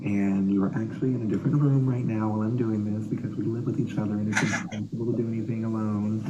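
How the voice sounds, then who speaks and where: A man recording an earnest, halting, lightly joking message to his partner. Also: fairly low pitch, little pitch movement, lo-fi sound. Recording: loud background noise.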